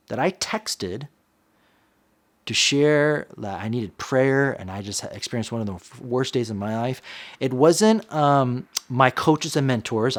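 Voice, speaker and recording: A man in his thirties, a pastor, telling a personal confession in an earnest, halting way, often repeating words as he searches for them. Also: medium pitch.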